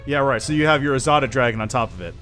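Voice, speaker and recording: A man's voice: mid-range voice, very fast, fairly bright tone, faint music behind. A man streaming a game, chatting casually and reading the game's dialogue aloud.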